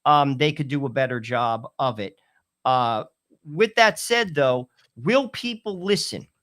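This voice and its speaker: Measured man in political chat. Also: mid-range voice, expressive, fairly bright tone. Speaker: co-host.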